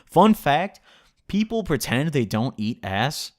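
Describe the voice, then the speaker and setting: A man's voice: a little high, big pitch swings, slow, a little mellow. Laughing young man telling a story. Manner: laughing, swearing freely, lots of "like" and "you know". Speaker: vlogger. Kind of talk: casual storytelling.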